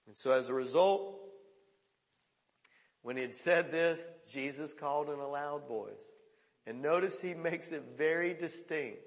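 A man's voice: a little high, measured pace, pauses often. Emphatic preaching man in a reverberant hall. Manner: emphatic preaching, swings between loud calls and hushed quotes. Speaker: pastor. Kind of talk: sermon.

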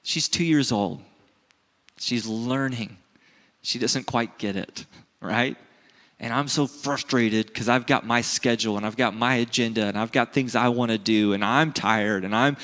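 A man's voice: medium pitch, steady tone, unhurried, fairly bright tone, big-room sound. A man in his thirties preaching a sermon in an earnest, conversational way, often checking in with "right?". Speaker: pastor.

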